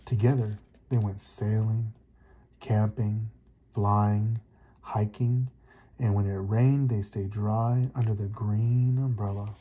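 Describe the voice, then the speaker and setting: A man gently reading a children's picture book aloud. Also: lowish voice, fairly even intonation, slow pace, a little hiss or hum. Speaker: reader.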